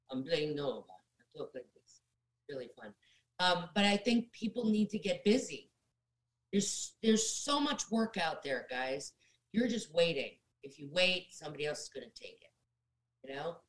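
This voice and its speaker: A middle-aged actress talking casually as an interview guest, giving direct career advice and speaking straight to listeners as "guys". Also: female voice, medium pitch, rough recording.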